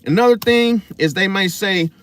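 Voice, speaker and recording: In a dry recording, a young man with a high, fairly bright voice talks about astrology at a moderate pace. His casual monologue is blunt and full of swearing, with repeated "see?" and many false starts.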